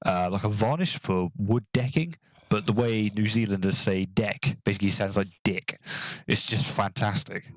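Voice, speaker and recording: A man casually joking and rambling while commentating on a building game, sometimes counting quietly under his breath. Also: on the low side, dry recording. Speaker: gaming channel host.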